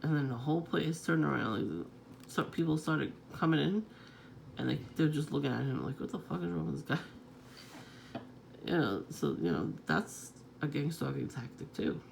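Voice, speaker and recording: A vlogger delivers a loose, unscripted monologue in a deeply gravelly voice full of constant fry, at a middling pitch. His talk is profane and scattered, punctuated by frequent chuckles, with lively intonation and a moderate pace. There is slight background noise.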